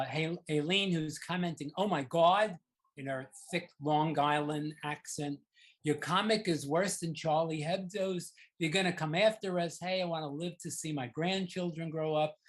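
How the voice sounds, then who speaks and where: Male artist-lecturer, fairly high voice, rambling conversational delivery over slides. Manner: rambling and conversational, many fillers and restarts. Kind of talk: informal art talk over slides.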